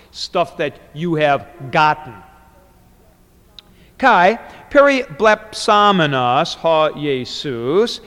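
Male Greek grammar teacher, slow digressive lecture, hall echo. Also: a little high, fairly bright tone, clean tone. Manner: digressive and explanatory, with frequent fillers and restarts. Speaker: Greek New Testament teacher. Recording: long reverberant hall.

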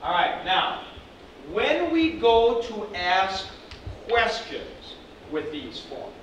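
Slow-talking man lecturing in an echoey room. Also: high-pitched, far from the mic, slight background noise. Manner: animated, acts out example sentences. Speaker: teacher. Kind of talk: classroom lecture.

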